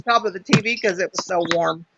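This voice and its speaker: A woman's voice: medium pitch, a little fast, creaky, noisy background. A woman in casual live chat who laughs often. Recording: muffled lo-fi audio.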